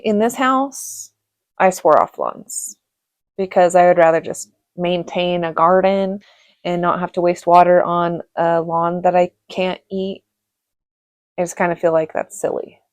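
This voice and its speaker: A middle-aged woman from Reno telling rambling stories about her childhood, laughing often and filling pauses. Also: on the low side, no room sound. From Reno, Nevada. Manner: rambling, chatty, laughs often, many fillers. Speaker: vlogger. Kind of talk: casual storytelling monologue.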